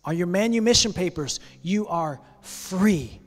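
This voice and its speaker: An earnest, gentle gentleman, as a preaching man plays him, slow and tender in his words. The fairly high male voice rings with a long reverb from a large hall. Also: expressive. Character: kind gentleman freeing a slave, gentle and earnest.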